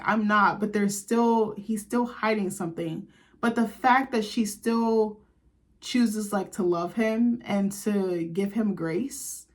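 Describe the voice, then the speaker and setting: A young woman vlogger, chatting in a gushing, chatty way and full of "like". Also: medium pitch. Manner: gushing, chatty, lots of "like", laughs. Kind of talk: casual chat to camera.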